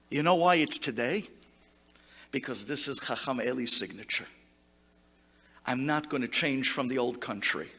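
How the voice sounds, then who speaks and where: Impassioned high, bright-voiced rabbi. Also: male voice, moderate pace. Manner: impassioned, swinging from loud exclamations to hushed tones; sprinkles Hebrew words into English. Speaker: rabbi giving a eulogy. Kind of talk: memorial speech to a gathering.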